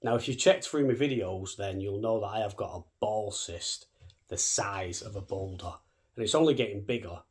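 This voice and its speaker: A man in his thirties talking fast and cheekily to camera in a casual vlog, swearing freely. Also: lowish voice. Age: 30s. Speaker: vlogger.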